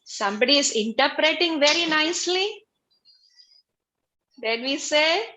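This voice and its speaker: Over a video call, a spiritual teacher leads a religious class, her voice a little high, bright, clear, and animated. She speaks unhurriedly and patiently, repeating phrases as she explains. The recording is rough.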